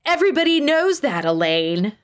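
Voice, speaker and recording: A man's voice: high-pitched, lively intonation, measured pace, fairly bright tone. A woman reading the part of a touchy grown man who is proud of his bad homebrew and turns whiny and defensive. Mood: indignant.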